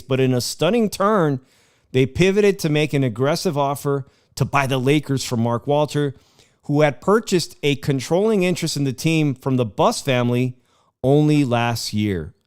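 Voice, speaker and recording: A middle-aged man hosting a casual sports chat, telling animated stories and laughing often. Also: fairly high pitch, moderate pace, clear, resonant tone. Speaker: sports show host.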